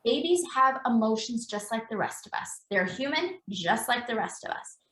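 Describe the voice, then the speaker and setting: A woman's voice: on the high side, lively intonation, normal speed, a bit bright, a little hiss or hum. Brief: woman guest, embodiment practitioner, earnest explanatory talk, echoey room sound. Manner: earnest, explanatory, repeats phrases for emphasis. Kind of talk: conversational podcast interview.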